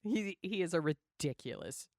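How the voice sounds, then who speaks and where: Lowish woman podcast host, wry teasing jokes, dry close sound. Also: animated, moderate pace, a little mellow, no room sound. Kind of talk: casual movie chat.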